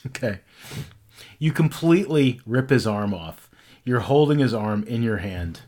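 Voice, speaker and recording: A man narrating a tabletop game as game master, talking casually with a lot of fillers and restarts. His voice sits in a middle pitch. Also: lively intonation, unhurried, mellow. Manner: rambling, many fillers and restarts.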